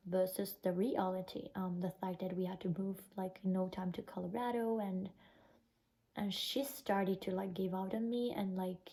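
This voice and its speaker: A woman's voice: mid-range voice, little pitch movement, normal speed, creaky, dark tone, poor audio. A young woman from Italy with an Italian accent, telling a painful personal story in a casual vlog, full of "like" fillers. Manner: emotional, recounting a bad experience, lots of "like" fillers. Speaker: vlogger.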